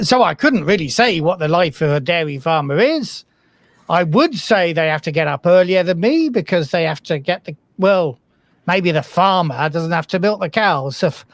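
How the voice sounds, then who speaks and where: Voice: medium pitch, dry recording. A game master voicing a friendly, rambling country drayman with a West Country accent. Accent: West Country English. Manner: rambling, folksy, chatty.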